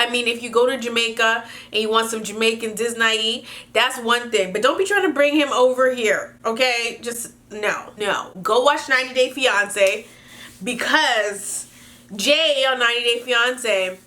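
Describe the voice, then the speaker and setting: A woman's voice: a little high, moderate pace, bright, forceful tone. A young woman from Canada reading viewer emails aloud and giving blunt, sassy advice in a casual chat, swearing freely.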